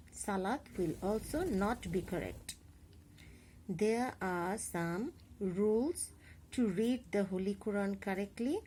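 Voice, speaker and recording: A young adult woman teacher with a Bangladeshi accent, explaining a class lesson slowly and carefully, spelling out examples. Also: medium pitch, warm tone, a little hiss or hum. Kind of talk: recorded online class lesson.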